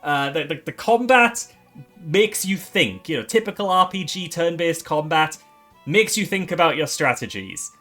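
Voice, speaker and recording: Brief: male streamer presenting game awards, animated swings in pitch, faint music underneath. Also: normal speed. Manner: excitable, swears, stumbles and restarts.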